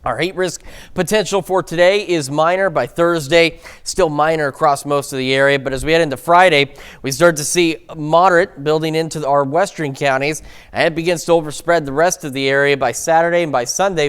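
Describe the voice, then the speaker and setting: A man's voice: a little high, a bit bright, smooth. A man anchoring a local morning newscast and giving the weather forecast, chatty and upbeat, with the odd stumble.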